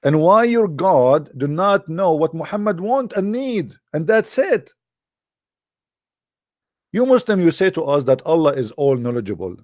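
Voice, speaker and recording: A man speaks to his audience in a sarcastic, mocking monologue, his English halting and non-native. His voice sits somewhat high, and the sound is dry, with no room around it. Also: sing-song, no echo. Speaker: online commentator.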